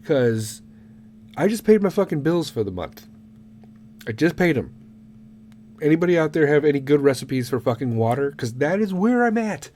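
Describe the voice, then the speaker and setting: A middle-aged man hosting a podcast, delivering a profane comedic rant that is full of swearing and bursts into shouted impressions. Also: a little high, big pitch swings, normal speed, pauses often. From Illinois. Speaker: podcast host.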